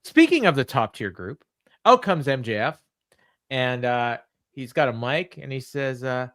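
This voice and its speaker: A man's voice: medium pitch, very animated, unhurried, a bit bright, dry recording. A man co-hosting a wrestling podcast, recapping a show in casual chat and laughing often. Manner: storytelling with frequent laughs. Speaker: podcast co-host. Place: home studio on remote call.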